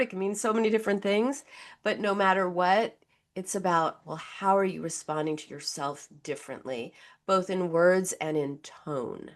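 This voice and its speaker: A woman guest, a therapist, giving conversational advice in an animated way and acting out the voices she quotes. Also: on the low side, measured pace. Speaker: psychotherapist guest.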